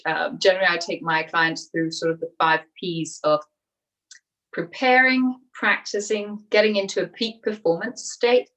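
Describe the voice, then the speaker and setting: A woman's voice: fairly low pitch, fairly bright tone, far from the mic, low-quality recording. A woman public speaking coach giving an encouraging online workshop talk, acting out people's inner voices.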